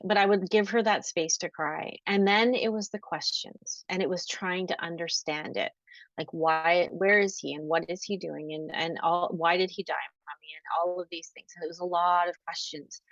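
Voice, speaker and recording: A woman with a fairly low voice tells a personal story as an interview guest. She speaks in an earnest, emotional way and softens at the hard parts. The audio is dull and dry, with little room sound. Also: fairly even intonation, moderate pace, no echo.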